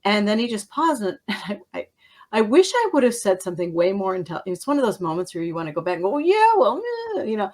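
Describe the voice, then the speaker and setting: A middle-aged woman hosts a chatty interview, her voice jumping up and down as she tells a story. She laughs often and slips into quick impressions of the people she quotes. Her pitch sits in an ordinary middle range. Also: expressive. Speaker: podcast host. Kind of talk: casual interview chat.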